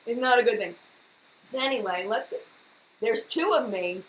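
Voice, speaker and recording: A woman's voice: fairly high pitch, animated, normal speed. A young adult woman hosting a casual live-stream chat as a beauty YouTuber, talking in a flustered, chatty and apologetic way. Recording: echoey room with faint background hiss.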